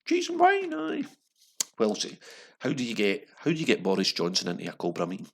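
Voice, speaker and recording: A Scottish man runs a casual pub quiz, wandering into sweary, wry tangents between questions. His voice sits very low with a gravelly fry. The tone has a husky edge. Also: animated, fast talker. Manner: rambling, sweary, wry asides.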